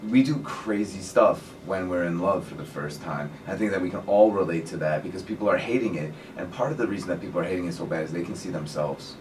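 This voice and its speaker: A low-voiced man from Chicago talks loosely through an interview, stringing stories together with playful asides. He sits a little back from the mic, and a steady hum of noise runs under his voice. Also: fast talker, hardly any pauses, recorded from a distance, low-quality recording. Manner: animated, rambling storyteller with playful asides. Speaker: actor guest. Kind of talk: casual radio interview chat.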